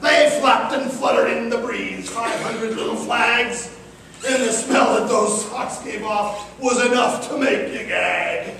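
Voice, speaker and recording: A man's voice: extremely high pitch, slow, vocal fry, fairly bright tone, slight background noise. Playful storyteller man, echoey hall. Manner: joking, playful banter with the audience. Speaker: children's storyteller and performer. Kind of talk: live rhyming story reading to schoolchildren. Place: large hall or school auditorium. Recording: echoey hall from far off with audience.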